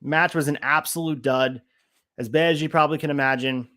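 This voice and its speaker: A man co-hosting a casual wrestling podcast, walking through his notes on each segment in a methodical, steady way. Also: a little high, a little fast. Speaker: podcast co-host.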